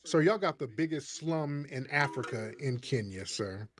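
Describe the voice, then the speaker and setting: A man's voice: mid-range voice, animated, normal speed. A man hosting a call-in show, arguing heatedly and mocking the caller. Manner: combative, mocking, talks over the caller. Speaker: host.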